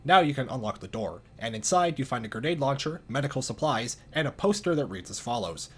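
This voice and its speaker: A man narrating video game lore in a calm, dry scripted style with casual swearing. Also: medium pitch, fairly quick, hardly any pauses, husky.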